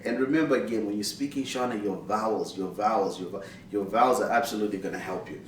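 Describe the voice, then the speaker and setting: A man's voice: lowish voice, fast. Upbeat man teaching from a distance. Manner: upbeat, repeats words and drills pronunciation. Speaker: language teacher. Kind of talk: casual video language lesson. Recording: roomy echo, distant mic, faint background noise.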